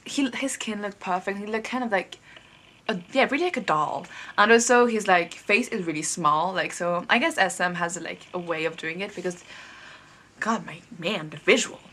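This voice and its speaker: Bright-voiced young woman rambling a storytime. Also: medium pitch. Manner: rambling, filler-heavy, animated retelling. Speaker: vlogger. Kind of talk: casual storytime chat to camera. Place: at home, moving between rooms.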